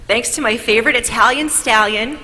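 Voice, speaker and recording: Bright-toned woman in an echoing hall. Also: a little high, brisk. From New York. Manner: grateful, upbeat, storytelling. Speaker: award speaker. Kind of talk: speech at an awards event. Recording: long hall reverb, faint noise.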